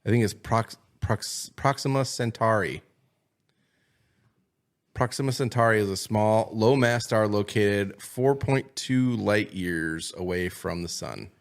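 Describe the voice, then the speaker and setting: A man's voice: fairly low pitch, takes it slowly. A man co-hosting a podcast in casual chat, laid-back and agreeable, swearing casually. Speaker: podcast co-host.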